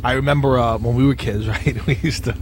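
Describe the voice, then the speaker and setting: A man's voice: mid-range voice, fairly even intonation, a little fast, slight background noise. A man co-hosting a casual chat, telling old neighborhood stories with plenty of laughter. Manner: laughing storyteller, acts out crank calls. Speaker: co-host.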